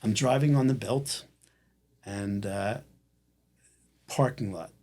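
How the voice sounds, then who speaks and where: A man with a low, husky voice tells a personal story in casual conversation. He acts out each person's lines as he goes, switching between them with animated delivery. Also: takes it slowly. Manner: animated storyteller acting out quoted dialogue. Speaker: guest.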